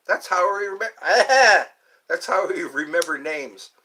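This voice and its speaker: An older man hosting a live stream, chatting casually with viewers in a rambling, playful way and slowly sounding out their names. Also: high-pitched, big pitch swings, bright, forceful tone, slightly rough, poor audio.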